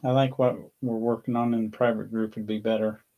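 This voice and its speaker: A relaxed man chimes in on a casual craft show. He mostly offers brief, easygoing replies and lets his co-host carry the talk. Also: lowish voice, brisk, highs cut off. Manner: laid-back, short replies. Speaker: wreath-making show co-host. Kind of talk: casual chat.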